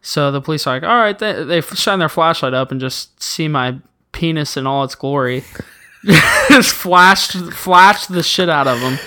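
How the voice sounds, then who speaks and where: A young man casually telling funny stories, animated, laughing often and swearing freely. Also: a little high, measured pace. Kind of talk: casual storytelling chat.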